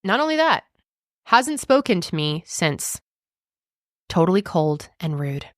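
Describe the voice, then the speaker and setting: A woman co-hosting a podcast, chatting casually and reading a forum post aloud in an animated way. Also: fairly low pitch, a little slow, dry recording, studio quality. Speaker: podcast co-host.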